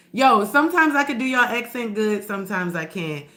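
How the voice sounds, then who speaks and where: A woman's voice: a little high, lively intonation, moderate pace, fairly bright tone. A woman on a live stream telling her own story to viewers, blunt and profane, calling them y'all and pushing back at doubters. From Baltimore area. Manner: heated and confrontational.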